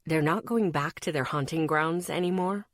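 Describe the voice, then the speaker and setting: A woman voicing a careful teenage boy who speaks quietly. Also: very deep voice, moderate pace, dry recording, studio quality, voice pushed down. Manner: quiet, soft-spoken.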